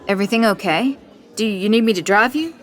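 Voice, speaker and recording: A man's voice: sits high, a little fast, a bit bright, soft background music. A woman voicing a friendly young male college classmate who talks in an easygoing, concerned way.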